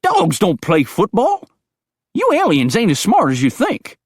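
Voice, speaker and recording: A man's voice: high voice, huge pitch swings, measured pace, slightly rough, no echo, studio quality, pitched above the performer's own voice, full character voice. A man voicing a cranky, paranoid old hillbilly who turns into a bear. The figure hollers in a folksy drawl. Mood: hollering, suspicious.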